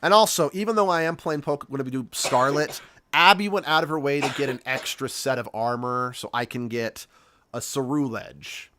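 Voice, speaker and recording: A man's voice: medium pitch, normal speed, bright, forceful tone. A man streaming a game, talking casually in a rambling, self-correcting way. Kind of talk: casual gaming commentary.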